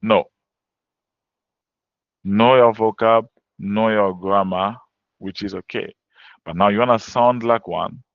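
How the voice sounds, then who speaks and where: A man whose first language is French talks through a webinar lesson, handing out plain advice in short, repeated instructions. His voice sits fairly low. The sound is dry and a little dull. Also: steady tone, slow pace, long pauses, dry recording. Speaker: French teacher. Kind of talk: webinar lecture.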